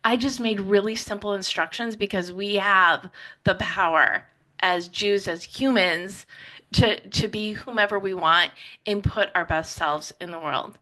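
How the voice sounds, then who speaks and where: Bright-voiced woman, heartfelt and reflective. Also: mid-range voice, low-quality recording. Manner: emotional, reflective, quick run-on sentences with restarts. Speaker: podcaster and writer, interview guest. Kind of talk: heartfelt conversational interview answers.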